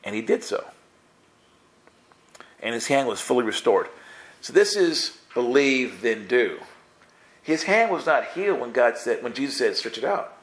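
A man with an ordinary mid-range voice teaches the Bible in a loose, conversational style. He keeps things playful, slipping into little character voices as he retells the scenes. His pitch swings widely, his pace is measured, and he pauses often.

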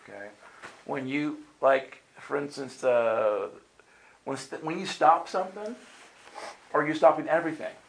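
A man's voice: a little high, a little slow, vocal fry, pauses often, slight background noise. A man preaching to a live audience, telling a story and acting out the voices of the people in it. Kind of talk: storytelling sermon. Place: meeting room with audience. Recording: roomy hall sound.

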